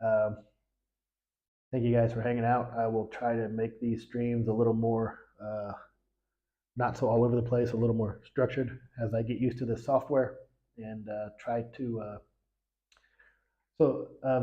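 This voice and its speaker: A man's voice: medium pitch, flat delivery, moderate pace, muffled recording. A man from the United States hosting a casual livestream, chatting with viewers in a rambling way, full of fillers and restarts. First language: English. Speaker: livestream host.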